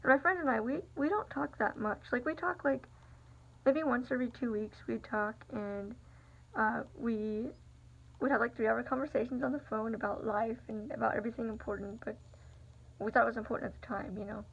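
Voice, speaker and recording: A woman's voice: a little high, fairly quick, vocal fry, husky. A young adult woman telling a personal story in a rambling, confiding way, full of fillers. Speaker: vlogger. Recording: dull lo-fi recording.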